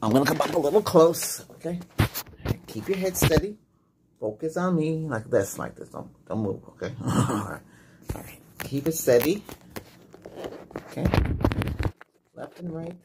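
A man in a whispered role-play as an emergency doctor, giving soft, patient, gentle instructions. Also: on the high side, lively intonation, a little slow, long pauses. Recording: noisy hiss and clicks.

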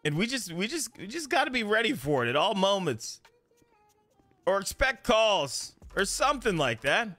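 Excitable high-voiced male streamer. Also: normal speed, dry recording. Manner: excitable, profane, chatty with viewers. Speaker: game streamer. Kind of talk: live roleplay game stream.

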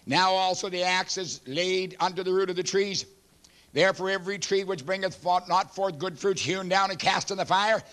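A man in his seventies, a pastor preaching a sermon emphatically and clearing his throat often. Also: sits high, fairly even intonation, normal speed, a bit bright. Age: 70s.

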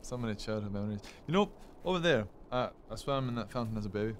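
A man playing his character in a tabletop game, halting and hesitant. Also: lowish voice, animated, slight background noise. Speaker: player.

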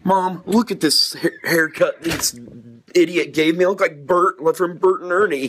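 A man vlogging a comedic meltdown, cursing constantly and swinging between shouting and sobbing. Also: high-pitched, steady tone, normal speed, slightly rough, dry recording, poor audio. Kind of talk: comedic rant vlog. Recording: loud background noise.

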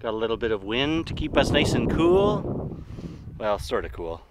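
With big swings in pitch, a father narrates his family's desert-trail hike for a casual vlog, chatting and cheering his kids on. His mid-range voice moves at a normal speed, and clear wind and outdoor noise fill the background.

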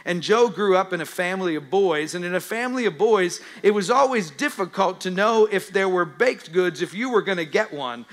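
A man's voice: high-pitched, moderate pace, few pauses. A male pastor preaching a sermon, telling stories and acting out the voices in his retellings. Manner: storytelling, dramatizes quotes.

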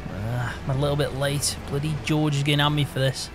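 Man, farm game roleplay, teasing chuckling banter, high animated voice, vehicle noise behind. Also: brisk. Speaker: roleplay gamer playing a farmhand.

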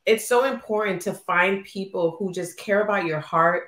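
A woman with a mid-range, slightly bright voice speaks at a moderate pace in a reverberant space. Postpartum and co-hosting a podcast, she talks candidly and emotionally about a friendship in casual conversation, acting out quotes as she goes.

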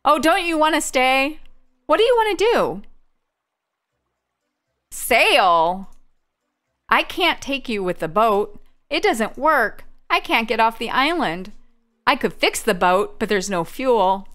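A woman voicing a kind young island girl, reading game dialogue in a gentle, coaxing way. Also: on the high side, big pitch swings, slow pace, pauses often, faint music behind, heavily acted. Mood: caring.

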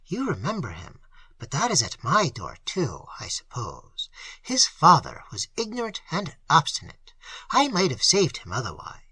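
A hoarse old pastor, as an audiobook reader puts him on, speaks with fervent, emphatic conviction. The voice is husky and bright, rising and falling dramatically. The recording is dry and close. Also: mid-range voice, wildly swooping pitch, moderate pace, no room sound, exaggerated voice. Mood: grave.

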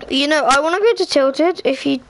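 A young woman chatting casually while playing an online game with friends, excitable and squealing at tense moments. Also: sits high, a little fast, low-quality recording. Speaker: gamer streaming with friends. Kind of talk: casual gaming chat.

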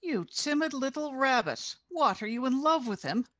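A woman reading aloud voices a cruel male police sergeant who mocks others with slow, amused contempt. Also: sits high, animated, a bit bright, dry recording, dull audio, pitched above the performer's own voice. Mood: sneering. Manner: sneering, amused, drawn out.

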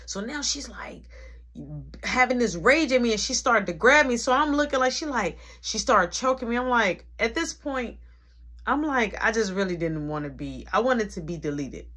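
A young adult woman tells a family story in a casual, dramatic, slangy way. Her voice is a touch high and moves lively through a wide pitch range. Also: moderate pace. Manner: animated, dramatic, slangy retelling.

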